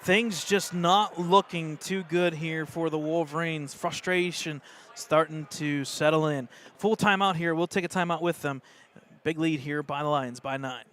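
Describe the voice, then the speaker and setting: An American man doing live play-by-play of a high school basketball game, excitable and openly rooting for the home team. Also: unhurried. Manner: excitable, partisan, rising pitch on plays. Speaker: play-by-play announcer.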